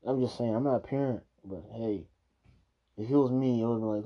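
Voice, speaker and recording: Heated, cursing man with a husky voice. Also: medium pitch, a little fast, dull audio. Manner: heated, profane ranting with restarts. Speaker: video reactor. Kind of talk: casual reaction commentary.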